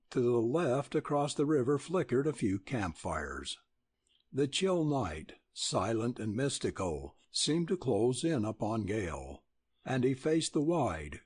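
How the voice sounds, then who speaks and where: A man narrating an audiobook in a measured, expressive storytelling manner. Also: medium pitch, husky, no room sound, studio quality. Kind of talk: scripted narration.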